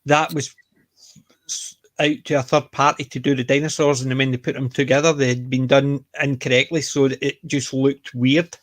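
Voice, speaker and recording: A man with a Scottish accent, co-hosting a casual podcast chat and retelling scenes with lively energy. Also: mid-range voice, moderate pace, no room sound. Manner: chatty, animated retellings of scenes. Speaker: podcast co-host.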